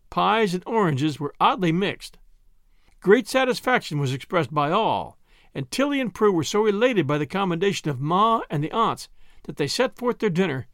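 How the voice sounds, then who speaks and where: A man reading a story aloud as narrator, with lively storytelling. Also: high-pitched, no echo, studio quality. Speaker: audiobook reader. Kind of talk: scripted narration.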